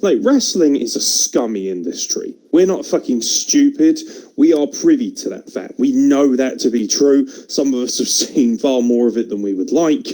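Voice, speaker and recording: Lively, mocking podcast host. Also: male voice, medium pitch, low-quality recording. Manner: mocking and sweary, laughs often. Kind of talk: casual comedic chat.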